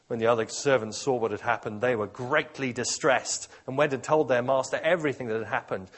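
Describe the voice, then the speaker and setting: A man preaching a sermon, dramatically shifting between quiet, slow phrases and loud, forceful ones. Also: medium pitch.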